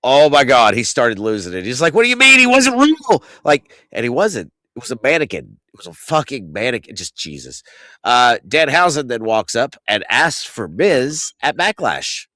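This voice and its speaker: A man in his thirties hosts a casual wrestling recap, his pitch swinging widely as he rants. He swears freely and sounds exasperated. The sound is dry and close, with no room around it. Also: normal speed, no echo. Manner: animated ranting, swings loud and high when outraged; profane, exasperated. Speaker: podcast host.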